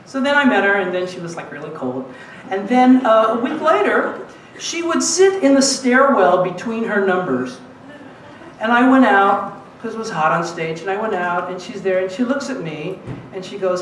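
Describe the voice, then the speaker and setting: Animated man telling a story on a club stage. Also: sits high, moderate pace. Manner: animated, acts out other people's lines. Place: small cabaret club with an audience. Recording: echoey, distant room mic with audience noise. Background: audience laughter.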